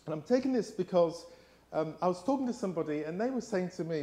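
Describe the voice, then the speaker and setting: A middle-aged preacher with an English accent, delivering a sermon in a fairly high-pitched voice. He tells stories easily, often restarting and filling gaps with ums as he goes. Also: lively intonation, fast. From England. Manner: warm storytelling with frequent fillers and restarts. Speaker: guest preacher.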